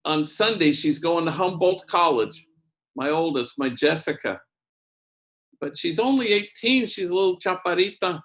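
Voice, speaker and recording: A man's voice: a little high, expressive, normal speed, a bit bright, voice pushed up. A man doing an anxious, pleading father. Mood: worried. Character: anxious middle-aged father, a former gang member.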